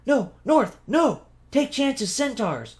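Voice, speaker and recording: Casting: man voicing a tiny panicked she-cat, very high squeak, stammering, fragmented talk for an audiobook. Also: sing-song, takes it slowly, heavily acted. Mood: frantic. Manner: stammering broken speech. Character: frantic small female cat creature.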